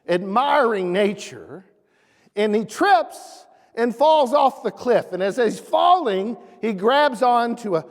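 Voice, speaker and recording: A man preaching a sermon as pastor in a church sanctuary, earnest, rising animatedly and dropping soft. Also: extremely high pitch. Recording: echoey church hall.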